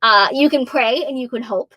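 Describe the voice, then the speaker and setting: A woman in her thirties from Massachusetts, a voice actor answering fan questions in a bubbly, self-deprecating way, with a high-pitched voice that is going hoarse from so much talking. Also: moderate pace, sharp tone, no room sound. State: losing her voice. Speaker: voice actor guest. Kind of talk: casual Q&A answers.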